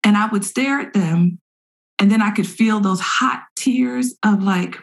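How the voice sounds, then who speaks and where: Middle-aged woman, podcast guest, earnest and animated, mid-range voice. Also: medium pitch, unhurried, creaky. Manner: earnest and expressive, acts out her own inner voice. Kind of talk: candid conversational testimony.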